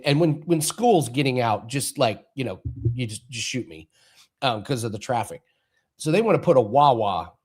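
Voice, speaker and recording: Male betting show co-host, casual, rambles through anecdotes, mid-pitched, easygoing. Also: a little mellow. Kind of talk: casual chat and betting analysis.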